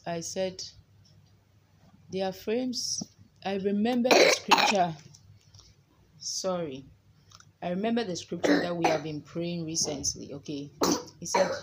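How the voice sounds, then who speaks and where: Woman prayer leader, low and unhurried, reverent amens, noisy background. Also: darkish tone. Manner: slow, reverent, with frequent amens and hallelujahs. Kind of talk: informal sermon and Bible reading.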